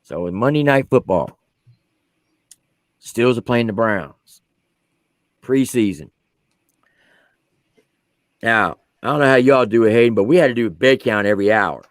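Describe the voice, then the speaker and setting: A man's voice: mid-range voice, measured pace, pauses often, no room sound. A man, an army veteran who served as a drill sergeant, telling a story on a podcast in casual slang and acting out the quotes.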